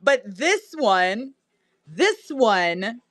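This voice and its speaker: A woman's voice: mid-range voice, very animated, drawn-out words, a bit bright. A woman selling on her live stream, chatting casually, laughing often and answering her viewers' comments. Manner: laughs often, chatty and amused, reads chat aloud. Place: her home, indoors.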